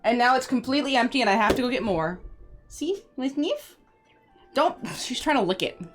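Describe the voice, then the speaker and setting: A woman's voice: a little high, very animated, normal speed, over music. A woman streamer chatting casually while she plays, rambling and talking sweetly to her pets. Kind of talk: casual live-stream chat while gaming.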